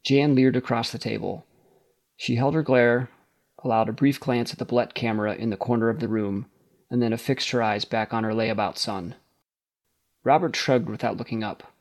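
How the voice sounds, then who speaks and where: A man narrates a story aloud in a mid-pitched, steady reading voice. He keeps an even storytelling pace and lifts his voice a little whenever characters speak. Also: normal speed.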